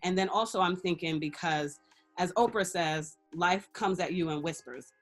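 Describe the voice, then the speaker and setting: Soft background music plays as a guest, a radio personality and life coach, shares a personal story openly in a relaxed interview. She has a lowish voice and a moderate pace, performs the quoted dialogue of the people involved, and laughs frequently in her expressive telling.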